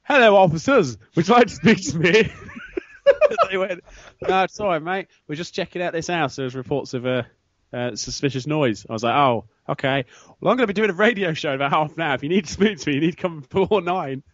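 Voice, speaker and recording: A man's voice: on the high side, lively intonation, quick pace, fairly bright tone, dry recording. A man co-hosting a podcast, chatting casually in a rambling, teasing way. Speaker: podcast co-host. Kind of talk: casual chat. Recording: dry, dull lo-fi recording.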